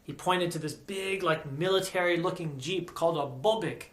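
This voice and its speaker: Animated American man telling a story. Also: a little high, normal speed. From United States. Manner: animated, acts out quoted voices. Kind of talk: casual spoken storytelling. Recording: echoey room.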